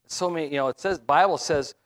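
A man's voice: on the high side, fast talker, fairly bright tone. A middle-aged man giving a conversational sermon as a minister, with frequent fillers and restarts.

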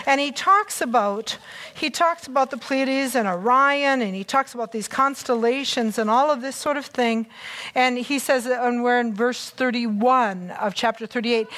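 A woman preaches in a loose, conversational way, her voice sitting a little high. She is chatty and excitable, breaking off into self-mocking asides as she talks to her listeners. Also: moderate pace. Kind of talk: conversational sermon.

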